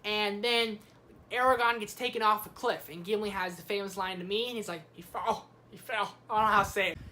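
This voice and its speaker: A young woman giving a casual movie review, excitable and slangy, swearing freely. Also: medium pitch, quick pace.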